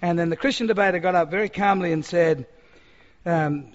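A man preaching a sermon, animated and acting out quoted speech, in a church hall. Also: sits high, a little fast. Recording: long-reverb hall, dull sound.

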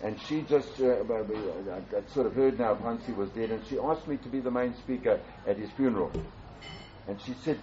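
An older man earnestly tells a personal story as a pastor, repeating and restarting phrases and rising in pitch for emphasis. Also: moderate pace, warm tone. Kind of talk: storytelling testimony. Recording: dull, slightly muffled with faint background hiss.

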